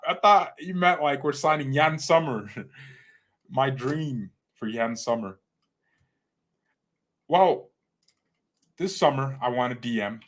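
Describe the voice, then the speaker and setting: Male fan-channel host, casual and chatty, jokey, excitable, talks to viewers like friends, mid-range voice. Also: mid-range voice. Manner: jokey, rambling, slips into playful put-on accents; chatty and excitable, addresses viewers as guys and bro. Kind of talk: casual live-stream chat.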